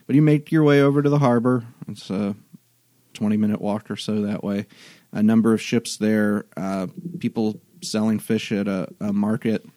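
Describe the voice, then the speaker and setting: Low guy game mastering, dry close mic, lots of ums. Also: no echo. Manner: relaxed, halting narration with fillers. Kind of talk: narrating a tabletop game.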